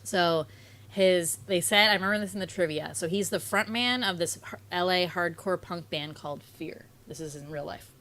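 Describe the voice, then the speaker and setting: A young adult woman co-hosting a podcast, excitable and quick to jump in with asides. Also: lowish voice. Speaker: podcast co-host. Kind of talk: casual chat.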